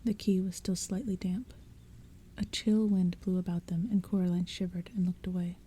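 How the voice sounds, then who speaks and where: Whispered role-play: woman softly reading, dark tone. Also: lowish voice, level tone, husky. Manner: soft unvoiced whisper, slow and hushed. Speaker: ASMR audiobook reader. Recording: faint rain sounds behind. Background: soft rain and thunder.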